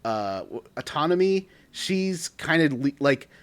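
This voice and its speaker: Lively, rambling podcast man. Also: fairly high pitch, unhurried. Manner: rambling, full of "like" and restarts. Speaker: podcast co-host. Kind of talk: casual gaming podcast chat.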